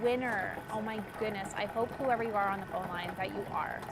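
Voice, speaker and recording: A woman hosting a live TV bingo show, gushing and excitable as she announces the jackpot. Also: mid-range voice, fairly quick, very noisy.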